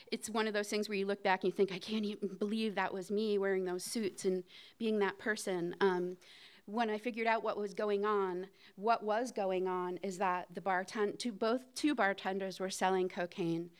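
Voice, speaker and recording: A woman's voice: mid-range voice, steady tone, moderate pace, clear, resonant tone. Candid woman telling a story on stage. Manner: candid, conversational, with fillers and nervous laughs. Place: theater stage.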